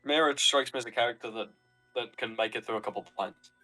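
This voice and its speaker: Young male player, mid-pitched, playful, goads the table, faint music. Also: fast talker, sharp tone, rough recording. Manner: playful, egging others on. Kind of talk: casual game chat.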